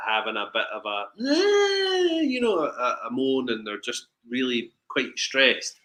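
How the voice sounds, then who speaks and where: A man's voice: medium pitch, big pitch swings, normal speed, sharp tone. A man hosting a podcast, talking casually and chattily, often stumbling and restarting his sentences. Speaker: podcast host.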